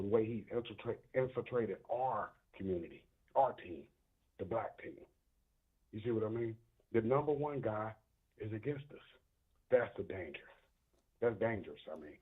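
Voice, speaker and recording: Raspy male caller on a phone line. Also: on the low side. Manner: passionate, emphatic. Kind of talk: phone call-in.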